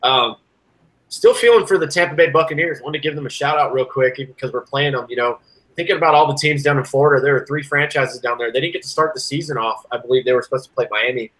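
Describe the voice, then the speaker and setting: A man's voice: fast talker, rough recording. A man co-hosting a sports podcast, chatting casually and ranting with rising and falling energy. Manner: animated, ranting, swings from loud to low. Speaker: podcast co-host.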